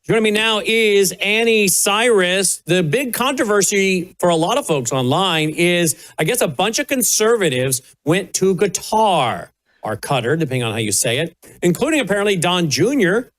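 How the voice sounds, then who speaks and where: Lively chatty male talk show host. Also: sits high, normal speed. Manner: chatty, folksy, thinks aloud. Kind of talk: casual commentary.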